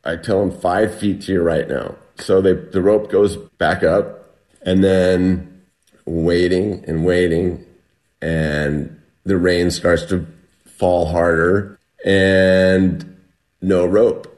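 Middle-aged man, very low voice, guest recounting an ordeal, lively quoted shouts. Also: extremely slow. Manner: animated retelling, acts out shouted quotes. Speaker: guest telling a survival story. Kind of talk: conversational storytelling.

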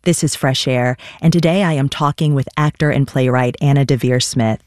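A woman hosting a radio interview, introducing her guest in a measured, scripted way and asking questions. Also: very deep voice, steady tone, a little mellow, no echo, clean studio sound.

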